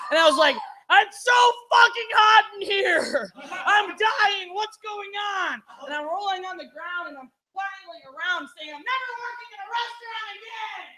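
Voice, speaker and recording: A woman doing stand-up comedy on a bar stage, telling a story and acting out each quote with big shouted voices. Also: high-pitched.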